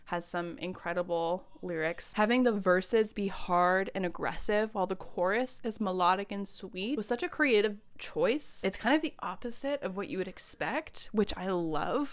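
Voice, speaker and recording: A woman's voice: medium pitch, normal speed. A woman casually reviewing albums on her vlog, chatty and enthusiastic, swearing and laughing often. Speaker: music vlogger.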